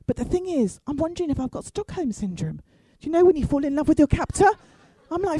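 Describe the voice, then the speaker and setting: A woman comedian tells a story with a lot of animation, her high voice leaping up and down in pitch. Her tone stays mellow rather than bright, and the sound is close and dry. She swears freely and drops wry asides as she goes. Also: sing-song, fast talker, hardly any pauses, no room sound, low-quality recording. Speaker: stand-up comedian. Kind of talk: comic storytelling.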